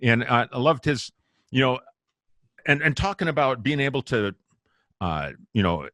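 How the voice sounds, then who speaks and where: A man being interviewed as a guest musician, telling stories in a lively, casual way, laughing often and acting out what people said. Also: mid-range voice, normal speed, dry recording, clean studio sound. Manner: animated, laughs often, acts out quotes. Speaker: guest bassist.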